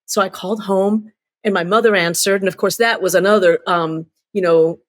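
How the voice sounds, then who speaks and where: A middle-aged woman from Cuba, an author telling stories in an interview, animated and acting out voices. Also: medium pitch, normal speed, no room sound. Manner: animated storyteller, acts out voices. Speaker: children's author and storyteller. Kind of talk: storytelling interview.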